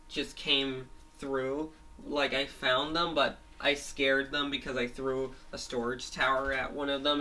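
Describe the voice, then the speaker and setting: A man's voice: medium pitch, bright, forceful tone, recorded from a distance. A man doing a boastful young hero, breathless. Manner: breathless rambling storytelling.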